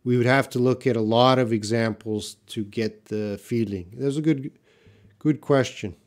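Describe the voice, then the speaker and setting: A man's voice: medium pitch, fairly even intonation, moderate pace, a little mellow. A man teaching English in a live question-and-answer class, reading out viewer comments and explaining them patiently with short example sentences.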